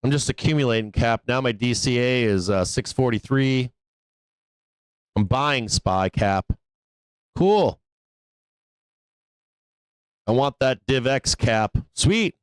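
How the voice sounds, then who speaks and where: Cussing trading streamer guy, chill and chatty, clean crisp voice, super dry mic. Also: medium pitch, expressive, slow pace, pauses often, no room sound. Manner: profane, casual, laughs often, talks to himself as viewers. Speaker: trading show host. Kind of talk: live market commentary stream.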